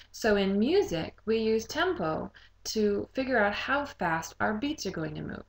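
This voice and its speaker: A woman teaching a recorded music lesson, explaining rhythm clearly and singing short phrases to demonstrate. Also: medium pitch, lively intonation, measured pace, poor audio.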